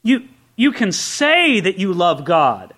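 A man with a notably high speaking voice delivers a sermon. His preaching is conversational and full of rhetorical questions. He swings between excited, raised asides and low, quiet emphasis. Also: slow pace. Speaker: pastor.

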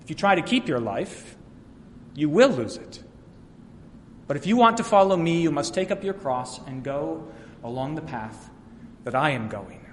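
A male pastor preaching a sermon, retelling scripture stories and voicing the quotes with sweeping swings between soft and loud. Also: fairly high pitch, big pitch swings, normal speed, long pauses, a little hiss or hum. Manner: storytelling preacher who voices biblical quotes with sweeping shifts in loudness. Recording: long church reverb.

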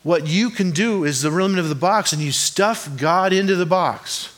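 This male pastor has a high, slightly bright voice and talks at a normal speed. He jokes and converses with his congregation in a church hall, frequently posing rhetorical questions during the sermon.

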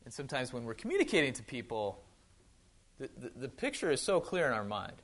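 A man's voice: mid-range voice, huge pitch swings, brisk, fairly bright tone. A man with a Wisconsin accent giving a casual sermon, chatty with joking asides and frequent restarts. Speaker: pastor.

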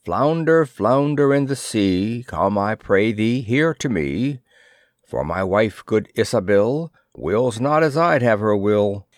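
A man's voice: on the low side, expressive, slow, no room sound, studio quality. A man reading aloud, voicing a timid poor fisherman who pleads and hesitates. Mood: pleading.

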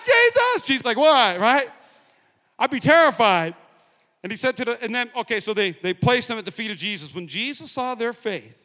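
A man preaching a lively sermon in a large church, joking and rallying the congregation. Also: high voice, long reverb tail. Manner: energetic, joking, rallying the crowd with call-and-response. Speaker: pastor.

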